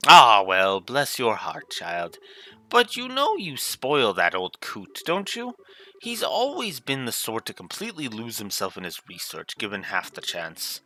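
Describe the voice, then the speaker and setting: A man's voice: fairly low pitch, wildly swooping pitch, measured pace, pushed and bright, faint music behind, exaggerated voice. A man putting on a folksy old innkeeper woman. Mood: fond. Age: older. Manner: homespun old-fashioned sayings, fussing over the girl. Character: folksy elderly woman innkeeper, warm and chatty. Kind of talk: reading game dialogue aloud with voices.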